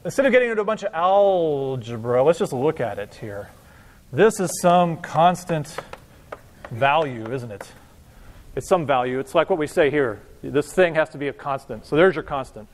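High-voiced man lecturing in a hall. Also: moderate pace. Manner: animated and joking, talks to the class. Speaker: physics professor. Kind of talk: university lecture.

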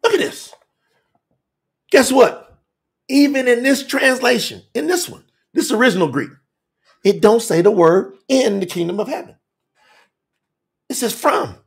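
A man preaching fiery and emphatic to a telethon audience as a scripture teacher, repeating phrases and shouting at times. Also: very high voice, animated, unhurried, gravelly, long pauses.

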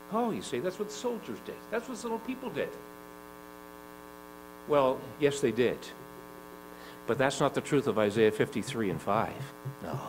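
A man preaching a sermon in a gospel hall, rising to loud urgent climbs and dropping to slow, soft lines, often repeating himself and asking the listeners questions. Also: mid-range voice, slight background noise. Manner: repeats phrases, asks the congregation questions.

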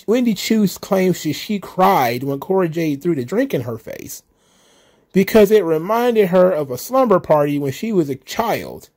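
A man's voice: high-pitched, a little mellow. A man hosting a solo recap show, ranting in an exasperated, profane, casual way. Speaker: wrestling commentary host.

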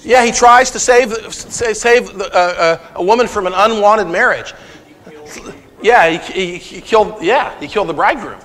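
Guy lecturing a crowd, lively, kinda high voice, big hall reverb. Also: moderate pace. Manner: animated, retells scenes with quoted dialogue. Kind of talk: conversational lecture to an audience. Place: lecture room with audience.

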